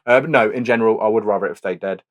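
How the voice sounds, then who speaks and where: Fast-talking guy on a podcast, opinionated, ranty. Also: fairly low pitch. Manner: opinionated, quick rants. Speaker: podcast co-host. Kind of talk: casual chat.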